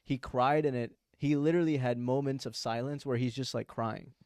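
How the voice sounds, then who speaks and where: A man's voice: mid-range voice, fairly even intonation, fairly quick, a little mellow, clear, resonant tone, no echo, clean studio sound. Easygoing male podcast host. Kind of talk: casual podcast chat.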